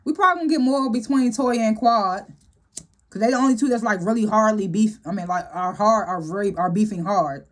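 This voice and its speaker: A woman casually recapping a TV episode as a show reviewer, chatty and animated and laughing often. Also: medium pitch, brisk.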